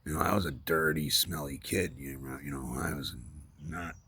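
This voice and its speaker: Low gravelly guy in his 40s or 50s rambling about his life, raspy, lots of uh and you know, gets emotional and drops almost to a whisper. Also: sharp tone, a little hiss or hum. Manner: rambling, halting, many fillers and restarts. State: emotional, voice dropping to near whisper. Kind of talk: candid personal vlog monologue.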